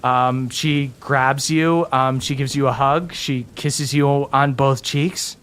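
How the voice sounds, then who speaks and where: A man's voice: mid-range voice, takes it slowly, clear, resonant tone. Male game master with a mid-range voice, casual um-filled narration. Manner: relaxed, with frequent ums and uhs.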